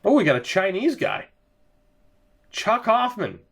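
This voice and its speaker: Sarcastic, fed-up young gaming commentator. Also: male voice, sits high, huge pitch swings, measured pace, gravelly. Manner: exasperated, sarcastic, rambling. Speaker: gaming video creator. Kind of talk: let's-play commentary.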